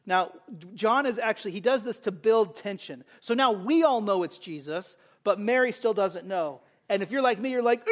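High-voiced impassioned male preacher. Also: expressive, normal speed, few pauses. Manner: impassioned, swinging between loud urgent calls and soft intimate asides; conversational, with frequent rhetorical "right?". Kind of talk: sermon.

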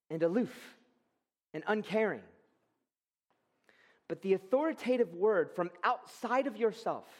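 Male pastor preaching a fervent sermon; high voice, swelling emphasis.

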